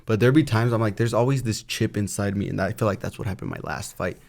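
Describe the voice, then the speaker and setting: A man's voice: fast talker, vocal fry. A male boxer talking in a casual podcast interview, telling stories and acting out other people's lines. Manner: animated storyteller, acts out quotes in a high voice. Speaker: guest boxer.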